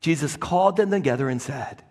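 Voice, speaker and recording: This male pastor delivers a brisk sermon in a church sanctuary, his high, husky voice jumping from loud outbursts to quiet asides. The storytelling is animated and emphatic, with a clip-on mic catching the long echo of the hall.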